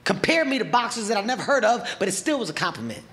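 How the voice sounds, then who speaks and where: A male comedian telling a story on stage into a handheld mic, animated and profane, acting out scenes. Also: high voice, quick pace. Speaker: stand-up comedian. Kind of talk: stand-up storytelling. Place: large comedy venue on stage.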